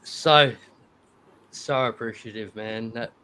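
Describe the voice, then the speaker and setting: A man's voice: mid-range voice, slow, bright, forceful tone, smooth. A laid-back man hosting a casual music session, chatting and heaping enthusiastic praise on a friend. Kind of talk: casual chat.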